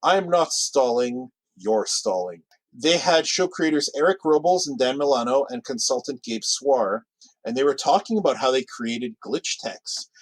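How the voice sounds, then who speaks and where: Man, podcast co-host, chatty, rambling asides, mid pitch, dry. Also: animated, moderate pace, no room sound, low-quality recording. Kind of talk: casual chat.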